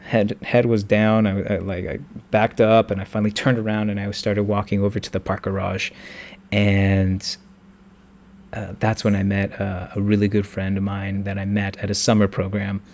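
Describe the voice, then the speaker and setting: A young man telling a personal story in a halting way, with many restarts and fillers. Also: on the low side, monotone, darkish tone.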